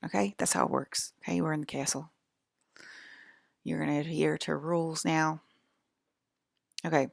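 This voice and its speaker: Gravelly low-voiced woman ranting on a stream. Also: fairly even intonation, moderate pace, long pauses, dry recording, studio quality. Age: 40s. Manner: angry, profane, scolding her viewers; rambling with frequent restarts. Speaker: livestream channel host. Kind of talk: rambling spiritual livestream monologue.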